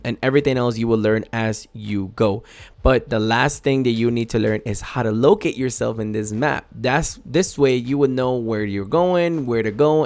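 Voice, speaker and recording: Man, gaming channel host, casual tutorial commentary, chatty, self-correcting, step-by-step, mid-pitched voice.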